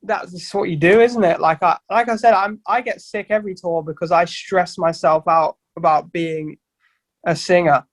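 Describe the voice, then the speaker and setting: This dry recording captures a young band vocalist as a podcast guest, his high-sitting voice moving at a moderate pace with fairly even intonation. He talks casually and rambles, swearing freely and restarting his sentences often.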